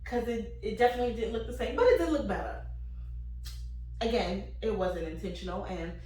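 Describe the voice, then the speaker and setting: A woman's voice: mid-range voice, brisk. A young woman telling a comic story with laughs and acted-out voices, casually. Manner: animated, laughing, acts out quoted voices. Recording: echoey room, mic at a distance.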